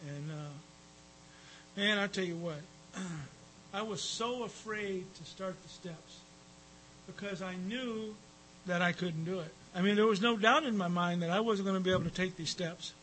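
A man's voice: high voice, a little slow, a bit bright, slight background noise, poor audio. A man giving a rambling personal talk at a recovery meeting, with frequent fillers and some profanity.

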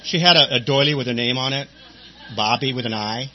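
A man's voice: mid-range voice, a little fast, crowd noise. A middle-aged man telling a humorous personal story about his recovery, wry and self-mocking, with many "and, um" fillers. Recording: dull lo-fi recording with faint hum.

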